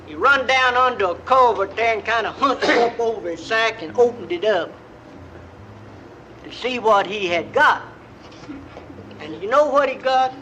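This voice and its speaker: A middle-aged man with an East Texas drawl works through a folksy comic yarn and drops into the voices of the people in it. His voice sits fairly high, and faint noise hangs under the live album recording. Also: expressive, measured pace, long pauses. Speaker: storytelling comedian.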